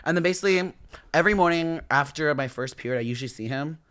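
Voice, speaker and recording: A young man telling a story in casual chat as a guest, animated and acting out what other people said. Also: fast talker, clear, resonant tone. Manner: animated storyteller, acts out quoted people in high yelps.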